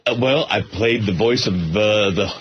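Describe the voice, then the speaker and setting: A man in his seventies, a guest actor in casual radio chat, measured and chuckling with fillers. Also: fairly low pitch. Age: 70s. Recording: dull lo-fi radio with faint hiss.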